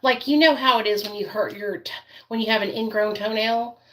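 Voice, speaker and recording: A woman's voice: mid-range voice, fairly even intonation, brisk, a bit bright. Chatty rambling woman vlogger. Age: adult parent. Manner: rambling, chatty, many fillers; doting baby talk to her dog. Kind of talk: casual chat while doing makeup.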